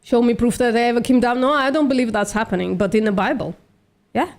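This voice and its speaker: Hosting a live stream, this vegan activist and streamer talks fast in a slightly high voice with a darkish tone. She argues bluntly, swears freely, and addresses others as sweetie.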